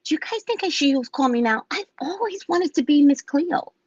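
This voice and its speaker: A woman with a West Indian accent, a psychic hosting her own show, telling stories about her clients in a casual, animated way and acting out their voices. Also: moderate pace, no room sound, lo-fi sound. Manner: animated, acts out clients in loud high voices. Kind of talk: casual storytelling monologue.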